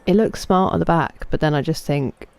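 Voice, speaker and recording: A woman's voice: low-pitched, normal speed, vocal fry, darkish tone, smooth, no room sound. An English woman in her thirties streaming a game, chatting in a rambling, self-mocking way. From England. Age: 30s. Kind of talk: casual chat.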